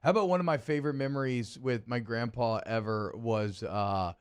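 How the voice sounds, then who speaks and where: A man's voice: medium pitch, normal speed, clean tone. A man from Atlanta hosting a sports radio show, chatting and reminiscing in an upbeat way. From Atlanta, USA. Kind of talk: casual sports radio chat.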